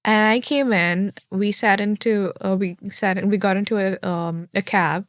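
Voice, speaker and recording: A woman's voice: mid-range voice, steady tone, moderate pace, no room sound. Young woman from India, chatty and candid, acts out her thoughts in a plain, dry recording; a natural interview voice. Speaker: interviewee, law graduate. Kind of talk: casual interview answers.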